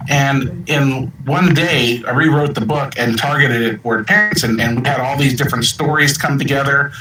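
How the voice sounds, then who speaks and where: A man's voice: medium pitch, moderate pace, few pauses, bright, forceful tone. Man explaining, stumbling over repeated words. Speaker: author guest. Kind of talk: casual interview chat. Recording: echoey, noisy, distant call audio.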